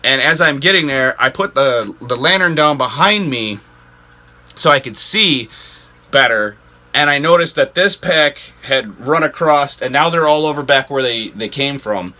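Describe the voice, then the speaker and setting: A man hosting an outdoors channel, telling a story to camera in a rambling, animated way, full of "like" fillers. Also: medium pitch, a little slow. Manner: rambling, animated, heavy use of "like". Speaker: ice fishing channel host.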